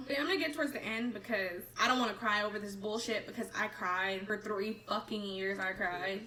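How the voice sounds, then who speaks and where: A woman recounts a painful experience of her own in a candid, halting, emotional way. Her voice is bright and sharp. She sounds a little distant from the mic, with faint background noise. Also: mid-range voice. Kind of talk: personal testimony to camera.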